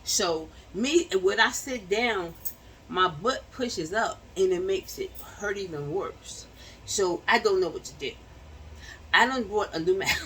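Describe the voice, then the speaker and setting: A woman's voice: mid-range voice, animated, slow, long pauses, fairly bright tone, far from the mic, slight background noise, poor audio. Chatty slangy woman vlogging from home. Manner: chatty, slangy, laughs often. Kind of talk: casual chat to the camera. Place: home bedroom.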